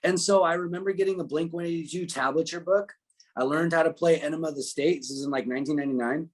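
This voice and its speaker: Man in his 30s, musician guest, easygoing and rambling, slightly higher speaking voice. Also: fairly even intonation, fast. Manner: laid-back, rambling with fillers. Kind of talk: casual interview chat.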